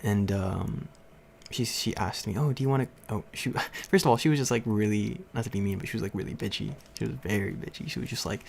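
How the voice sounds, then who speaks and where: This young livestream host rambles animatedly through a story for his chat, laughing often and leaning on fillers. His mid-range voice carries vocal fry, and he talks fast; there's a little hiss or hum.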